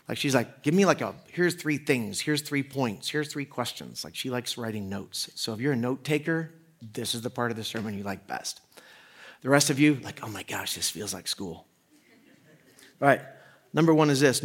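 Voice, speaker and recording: A married man preaching a sermon with funny personal stories, swinging from quiet asides to loud, excited bursts. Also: mid-range voice. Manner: animated storytelling, jokey asides, loud swings in volume. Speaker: pastor. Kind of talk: humorous sermon.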